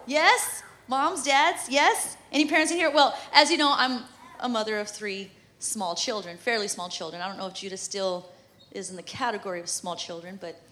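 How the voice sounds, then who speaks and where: A woman's voice: mid-range voice, normal speed, bright, forceful tone, a little hiss or hum. A woman in her thirties, a mother, preaching a sermon in a conversational, humorous way and laughing often. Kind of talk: sermon with prayer and personal story.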